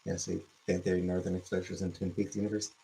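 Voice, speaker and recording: A man's voice: deep voice, level tone, quick pace, vocal fry, warm tone. A man casually answering viewer comments on a live stream in a dry, offhand way. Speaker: streamer reading chat.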